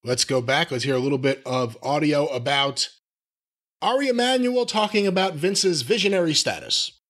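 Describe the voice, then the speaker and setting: A man's voice: fairly high pitch, expressive, normal speed, fairly bright tone. A man co-hosting a podcast in casual chat, wry and asking pointed questions. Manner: wry, asks questions, mimics voices. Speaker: podcast co-host.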